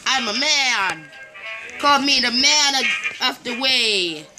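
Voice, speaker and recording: A high-pitched gaming host drawls through unhurried, goofy commentary. The talk is playful and silly, full of repeated chants. Game music plays clearly underneath. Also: expressive. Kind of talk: casual gameplay commentary.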